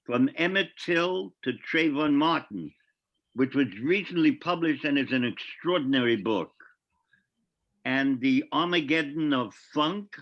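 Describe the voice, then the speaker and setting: Male host introducing poets, hesitant and unhurried, muffled lo-fi audio. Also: on the high side. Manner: hesitant, with frequent fillers. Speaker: host of a poetry reading. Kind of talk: introducing readers at a live-streamed reading. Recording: dull lo-fi audio.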